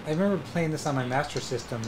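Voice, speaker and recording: A man's voice: fairly high pitch, rapid-fire, background noise. An easygoing man co-hosting a casual gaming podcast, teasing friends and reminiscing. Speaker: podcast co-host. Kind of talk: casual group chat.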